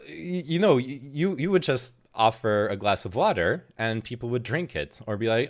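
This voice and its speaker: Recorded on his phone, this streamer rambles through casual reaction commentary, swearing freely, stammering into restarts and laughing often. His voice is mid-range and expressive, moving at a moderate pace with few pauses.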